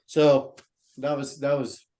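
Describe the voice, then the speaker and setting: Man, mid pitch, hesitant and reflective, casual interview guest. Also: level tone, warm tone. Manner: halting, many fillers and restarts. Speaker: mission trip member.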